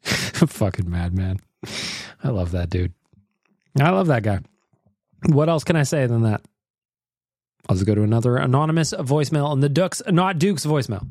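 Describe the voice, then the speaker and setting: A man's voice: mid-range voice, big pitch swings, moderate pace, pauses often, a little mellow, no echo, studio quality. A man hosting a casual podcast, easygoing and teasing, often laughing as he talks. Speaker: podcast host.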